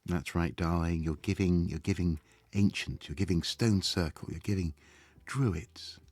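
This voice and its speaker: A man chatting casually to viewers as he draws on a live stream, relaxed and thinking aloud, often trailing off mid-sentence. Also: low voice, moderate pace, dry recording. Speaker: art streamer. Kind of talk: casual chat while drawing live.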